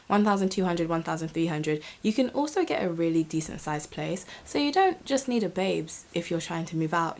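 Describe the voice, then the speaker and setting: A woman's voice: lowish voice, a little mellow. A young woman, chatting casually to camera in a rambling, swearing vlog. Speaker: vlogger.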